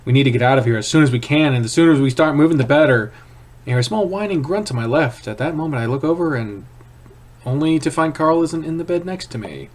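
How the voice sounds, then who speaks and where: A man's voice: fairly high pitch, lively intonation, fast talker. Man narrating a tense horror story. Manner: tense, hushed dramatic reading. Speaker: streamer reading a visual novel. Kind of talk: first-person story narration.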